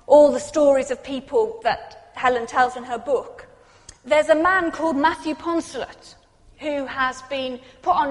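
A woman preaching a sermon, building to intense peaks and sinking to quiet, reflective passages. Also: high voice. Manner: dramatic, rising to intense peaks then dropping quiet. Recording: long reverb in a large hall.

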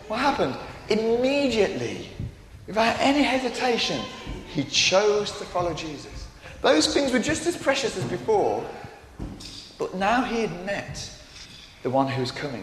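A man telling a Bible story in a playful, animated way with frequent asides to listeners. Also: high-pitched, background noise. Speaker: storyteller for a congregation. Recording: echoey hall with faint ambience.

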